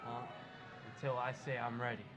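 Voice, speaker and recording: A man's voice: mid-range voice, completely flat delivery, moderate pace, over music. A man co-hosting a wrestling show, bantering in a cocky, boastful champion manner. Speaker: co-host, champion persona. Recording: noisy.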